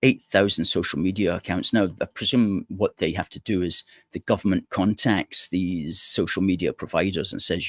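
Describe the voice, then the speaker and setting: A man's voice: low voice, expressive, normal speed, no echo, studio quality. A man hosting a political commentary show, reading out news items with sarcastic, indignant asides.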